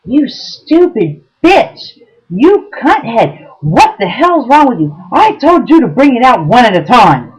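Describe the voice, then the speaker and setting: A woman quoting a huge, raging man who shouts insults at a waitress. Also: on the low side, expressive, fast, few pauses, close to an everyday voice, poor audio. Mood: enraged.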